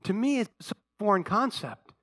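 A male pastor preaching a sermon, swinging from loud emphatic lines to low, hushed asides. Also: lively intonation, normal speed.

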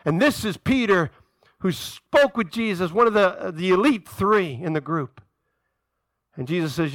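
A male pastor delivers an animated sermon in a notably high, bright voice. He tells the story with energy and slips into the voices of the people he quotes. The sound is close and dry, with little room echo. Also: normal speed.

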